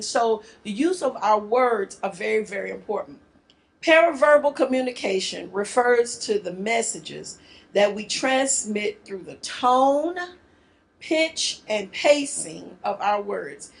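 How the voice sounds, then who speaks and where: A middle-aged woman from the northern US gives a marriage workshop talk to a live group, lively and joking in casual speech. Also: medium pitch, slow, gravelly. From northern United States.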